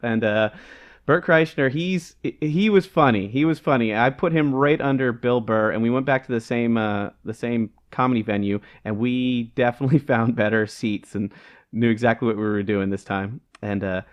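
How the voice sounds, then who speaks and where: A man's voice: medium pitch, normal speed, lo-fi sound. A man co-hosting a podcast in casual chat, rambling and hunting for words with lots of fillers. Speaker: podcast co-host.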